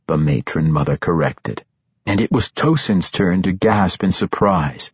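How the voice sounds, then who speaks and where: A man narrating a fantasy audiobook in a steady, measured storytelling voice. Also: low-pitched, slightly rough, no echo, dull audio.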